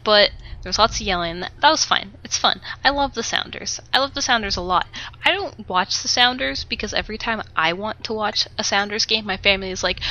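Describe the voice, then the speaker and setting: A woman's voice: mid-range voice, animated, a little fast, bright, forceful tone. A woman co-hosting a podcast, ranting animatedly in casual chat and swearing freely. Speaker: podcast co-host. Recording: dull lo-fi podcast audio.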